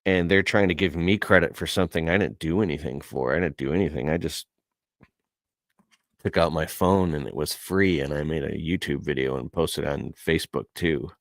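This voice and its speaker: Earnest low-voiced man. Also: normal speed, creaky, no echo. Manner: earnest and emotional, with casual slang. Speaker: podcaster telling a personal story. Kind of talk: casual heartfelt talk.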